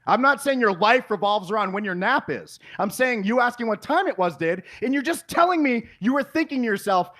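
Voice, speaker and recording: High-pitched man ranting in fury. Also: animated, a little fast, few pauses. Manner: yelling, exasperated, profane rants. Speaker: podcast host. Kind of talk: heated podcast argument.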